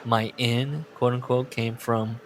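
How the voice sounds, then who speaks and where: A man's voice: mid-range voice, little pitch movement, slow, slight background noise. A man co-hosting a casual podcast chat, riffing on a book and reading its lines aloud in joking voices. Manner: riffing, reads book quotes in mock voices. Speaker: podcast co-host.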